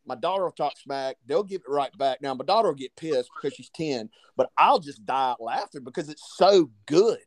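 A man's voice: a little high, lively intonation, moderate pace, hardly any pauses, no echo. A man co-hosting a podcast, chatting casually about wrestling crowds. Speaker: podcast co-host. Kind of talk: casual chat.

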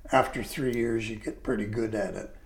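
An older retired lecturer telling stories of his past, animated when he quotes people. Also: on the low side, moderate pace. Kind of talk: reminiscing storytelling.

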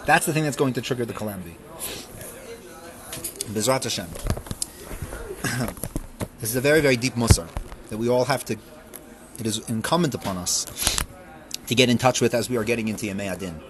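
A man teaching a Torah lesson, reading verses aloud and explaining them with fervent emphasis that falls back to quiet reflection. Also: medium pitch, brisk, long pauses, noisy background. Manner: reads verses aloud, then translates and explains. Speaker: rabbi teaching a class.

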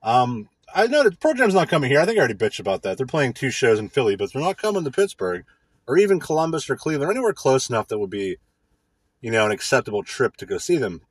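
A man hosting a podcast rants in a casual, profane monologue, mocking people he dislikes. His voice is husky and his pitch swings widely. The sound is dry and close. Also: sing-song, fast, dry recording. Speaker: podcast host.

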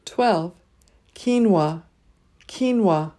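A woman leading a pronunciation drill, saying each word twice and pausing so listeners can repeat. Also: mid-range voice, animated, mellow. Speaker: pronunciation teacher.

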